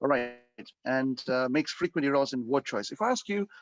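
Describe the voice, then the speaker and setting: A man's voice: mid-range voice, animated, normal speed. A man teaching an online English speaking class, explaining at length with frequent fillers and restarts. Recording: dull, lo-fi and dry.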